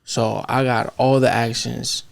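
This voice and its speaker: Young man from California with a gravelly, fry-heavy voice and mid pitch, a laid-back podcast guest who tells stories loosely and acts out what others said. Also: level tone, measured pace, no room sound. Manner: loose, filler-heavy, acts out quoted people. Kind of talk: casual storytelling chat.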